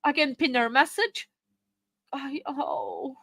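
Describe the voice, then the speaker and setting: Woman live-stream host, high voice, unhurried delivery, flustered and apologetic, reads out viewer chat. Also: creaky, a bit bright, no echo. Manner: flustered and apologetic, many fillers.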